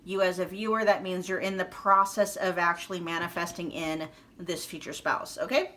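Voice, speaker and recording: A woman's voice: on the low side, little pitch movement, normal speed, a bit bright. A woman with a Midwestern accent giving a casual tarot reading to her viewers, chatty and thinking aloud with many fillers and restarts. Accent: Midwestern American. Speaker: tarot reader.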